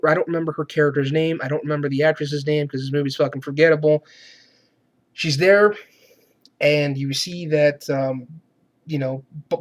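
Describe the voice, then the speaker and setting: A man reviewing a movie in a profane, exasperated rant, swearing often and shouting to mock the characters. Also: on the high side.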